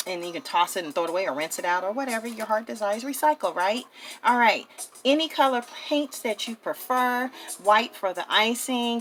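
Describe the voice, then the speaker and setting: A woman hosting her own craft channel, talking viewers through a miniature project in a chatty, excitable way. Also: medium pitch. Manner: chatty and excitable, addresses viewers as "you guys". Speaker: craft vlogger. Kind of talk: casual crafting tutorial.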